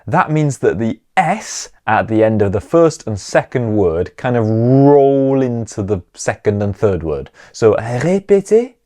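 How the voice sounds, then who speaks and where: A man's voice: medium pitch, very animated, measured pace, few pauses, mellow. A man teaching children French in a playful way, drilling words for them to repeat. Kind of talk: children's language lesson.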